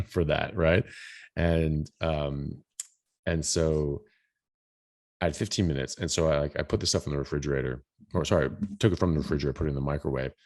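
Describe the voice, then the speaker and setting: A man hosting a podcast, telling a story in a rambling, animated way, full of restarts and quoted asides. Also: rumbling low. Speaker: podcast host. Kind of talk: casual storytelling.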